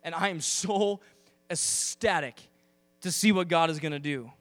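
A man preaching a sermon as pastor, animated and conversational, acting out little asides to the congregation. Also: on the high side, a little slow, dry recording.

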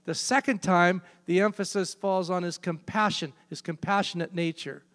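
High-voiced preacher in a reverberant hall. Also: male voice, fairly even intonation, moderate pace, fairly bright tone. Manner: emphatic, repeats key phrases. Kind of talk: sermon.

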